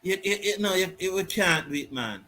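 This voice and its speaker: Man, cricket commentary, indignant rant, high-pitched voice, repetitive, emphatic. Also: animated, brisk, pushed and bright. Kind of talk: live fan commentary and rant.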